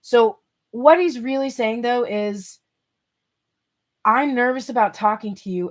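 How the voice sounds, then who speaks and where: A woman's voice: a little high, unhurried. Chatty, playful woman tarot reader. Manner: chatty and playful, laughs often, swears casually. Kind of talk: casual tarot reading.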